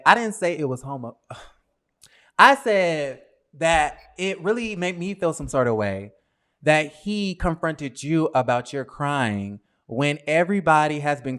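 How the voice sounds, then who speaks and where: A man's voice: fairly high pitch, sharp tone. A man hosting a casual interview, asking probing questions and giving many short backchannel replies. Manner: conversational, probing, frequent "mm-hmm" backchannels. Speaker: host, interviewer.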